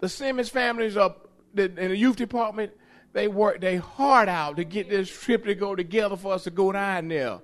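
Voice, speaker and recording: A man giving an animated testimony in church, folksy and excitable, laughing and hollering as he tells it. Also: normal speed. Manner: folksy, excitable, laughs while telling, hollers at the high points. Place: church sanctuary.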